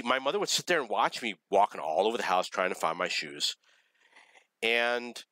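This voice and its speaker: An adult man earnestly telling a personal story in a halting monologue, with many pauses and restarts. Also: fairly low pitch, bright, forceful tone, no echo, poor audio. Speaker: vlogger.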